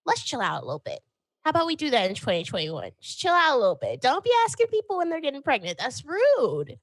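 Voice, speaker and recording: Woman podcast guest, bright animated talker, lively and opinionated, dry close mic. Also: high voice, fast talker, dry recording. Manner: animated, opinionated, acts out quotes. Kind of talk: casual podcast chat.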